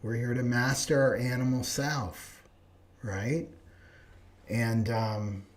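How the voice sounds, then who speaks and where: A man's voice: mid-range voice, steady tone, takes it slowly. Earnest man teaching a spiritual class. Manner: earnest, keeps asking "right?". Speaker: astrology teacher. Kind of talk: live online class talk.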